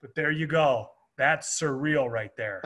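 A man's voice: medium pitch, a little slow. A man, a former pro wrestler, telling profane backstage stories as a guest in a casual interview and acting out the people in them. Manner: profane, animated, acts out the people in his stories.

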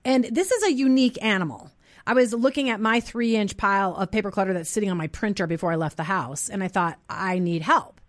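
A woman's voice: mid-range voice, fairly quick, no echo. A woman in her forties from Minnesota, hosting a radio show and podcast in a chatty, emotional way. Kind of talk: casual radio talk. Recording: dry studio mic with faint music.

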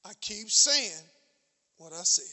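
A middle-aged man preaching in a very high, piercingly bright voice, climbing into shouts and hammering the same phrases again and again. His sermon rings out with a long reverb in a church hall. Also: expressive, takes it slowly. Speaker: pastor.

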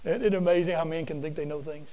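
Preacher man, high voice, folksy and animated, repeats himself telling a story. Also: fast, rough recording. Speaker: preacher and teacher. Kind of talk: storytelling sermon.

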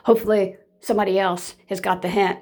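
A woman speaks to her viewers in a casual, unscripted monologue. She is blunt and emphatic, hammers points home by repeating them, and swears without hesitation. Her voice sits at a middling pitch. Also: fairly even intonation, fast talker, a little mellow.

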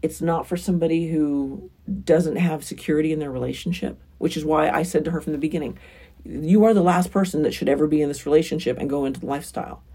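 A woman's voice: low voice, steady tone, fast talker, dark tone, breathy edge. A woman hosting a frank, casual advice monologue, talking bluntly and with emphasis. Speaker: relationship advice host.

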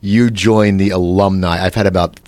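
A man's voice: low voice, steady tone, darkish tone, dry recording. A man hosting an interview, asking eager follow-up questions. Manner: enthusiastic, quick follow-up questions. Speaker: podcast host. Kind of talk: conversational interview.

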